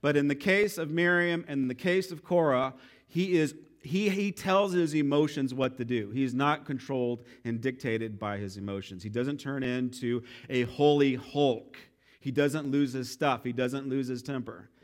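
A man's voice: mid-range voice, normal speed. A man preaching a sermon as pastor, joking and playful in his delivery. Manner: joking, playful, self-deprecating; animated, lively delivery.

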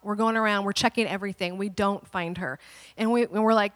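A woman pastor in her thirties telling a family story during a sermon, animated and dramatic, with playful asides. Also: medium pitch, fairly quick, few pauses, long reverb tail.

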